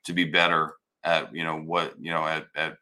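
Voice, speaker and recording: A man's voice: very deep voice, monotone, moderate pace, bright, forceful tone. A man hosting a casual chat, blunt and swearing as he gives advice. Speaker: host.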